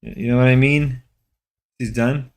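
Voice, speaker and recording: A man's voice: mid-range voice, fairly even intonation, normal speed. A young man co-hosting a stream in casual chat, rambling and joking with hesitant restarts. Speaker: stream co-host.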